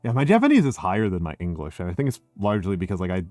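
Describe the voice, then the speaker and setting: A man's voice: low voice, huge pitch swings, very fast, a little mellow, no room sound, clean studio sound, faint music behind. A male streamer hosting a casual chat, rambling with many fillers and restarts. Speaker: streamer and host.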